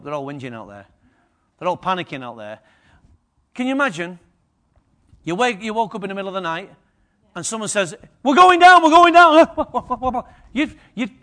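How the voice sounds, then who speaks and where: A man preaching a lively sermon to a congregation, acting out the story's characters. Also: high-pitched.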